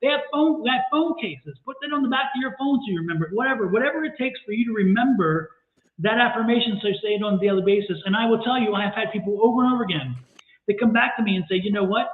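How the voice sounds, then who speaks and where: A high-voiced man leads a live tarot stream. He urges viewers on with preachy, repetitive encouragement. His voice comes through a thin, phone-like line with a roomy echo. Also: fast talker. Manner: preachy, repetitive motivational exhortation. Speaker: tarot reader and co-host.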